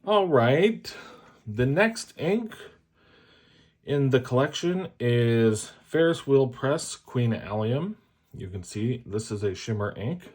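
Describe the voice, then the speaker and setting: A man's voice: mid-range voice, lively intonation, slow pace, a little mellow, breathy edge. A man chatting casually to viewers as he swatches fountain pen inks, cracking jokes and poking fun at himself. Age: adult, a parent. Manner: jokey, self-mocking, chatty asides. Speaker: fountain pen ink reviewer.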